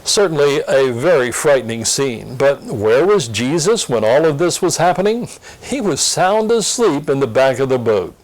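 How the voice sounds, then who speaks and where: A man presenting a scripted Sunday school lesson preview in an earnest, expressive teaching tone. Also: mid-range voice, normal speed, rough recording. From Pennsylvania.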